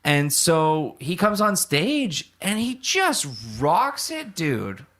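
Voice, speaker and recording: A man's voice: high-pitched, huge pitch swings, takes it slowly, fairly bright tone. A young man co-hosting a casual podcast chat, telling stories with lots of fillers and restarts. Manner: rambling storyteller, many fillers. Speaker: podcast co-host.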